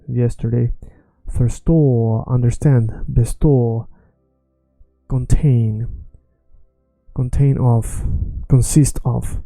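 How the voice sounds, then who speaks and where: A man teaching a language pronunciation lesson, repeating words slowly and clearly to model how they sound. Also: mid-range voice, dark tone, no room sound.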